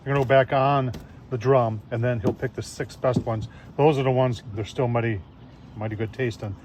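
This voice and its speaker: A man's voice: mid-range voice, steady tone, normal speed, noisy background. A man hosting a casual outdoor barbecue demo, folksy and chatty, calling his viewers "folks". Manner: folksy, keeps saying "folks" and "I tell you what". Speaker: barbecue video host. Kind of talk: casual cooking demonstration.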